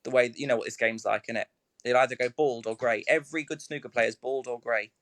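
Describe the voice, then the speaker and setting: A man's voice: medium pitch, fairly even intonation, fast, a bit bright, dry recording. Young man rambling, dry sound. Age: young adult. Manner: rambling, full of fillers and restarts. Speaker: snooker professional guest. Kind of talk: casual live chat.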